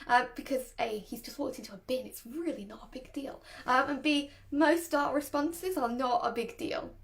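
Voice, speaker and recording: A young woman, a dog trainer, giving relaxed advice to camera, chatty and quick to laugh. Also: high voice. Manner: chatty, laughs often, demonstrates voices. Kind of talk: casual explanatory talk to camera.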